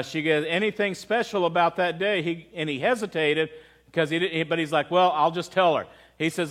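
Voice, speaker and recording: High-voiced man preaching a sermon. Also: a bit bright. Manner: storytelling with quoted voices, asks the congregation questions. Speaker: pastor. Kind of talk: sermon with a told story.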